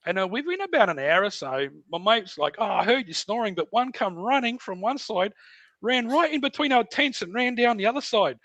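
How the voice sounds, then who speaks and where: An extremely high-pitched middle-aged Australian man, guesting on a podcast, talks at normal speed while telling a story in casual chat. He's animated, acting out voices and sounds. The lo-fi recording has no echo.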